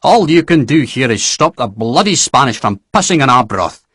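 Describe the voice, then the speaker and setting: A man voicing a gruff, crude old general who curses freely. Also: medium pitch, very animated, moderate pace, a bit bright, no room sound, clean studio sound. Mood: blustering. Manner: blustering, profane.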